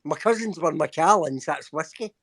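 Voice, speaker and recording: A man's voice: on the high side, animated, moderate pace, fairly bright tone, slightly rough, dry recording. Scottish guy from glasgow, chatty and joking, dry close sound, on a video call. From Glasgow, Scotland. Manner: chatty, playful with local slang. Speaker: panel guest. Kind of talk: casual group video chat.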